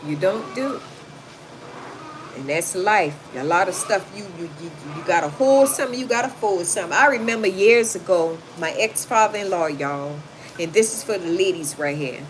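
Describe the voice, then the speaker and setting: A woman's voice: fairly low pitch, lively intonation, moderate pace. Sassy woman chatting on a noisy livestream. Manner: chatty, sassy, gives blunt advice, reads comments aloud. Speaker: livestream host reading chat. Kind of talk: casual livestream chat. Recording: noisy home recording.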